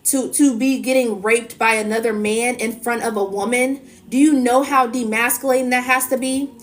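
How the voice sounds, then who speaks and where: A woman talking to her viewers as a spiritual energy reader in a casual, emphatic monologue full of "you know" and "so it's like". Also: fairly high pitch. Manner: emphatic, repetitive fillers.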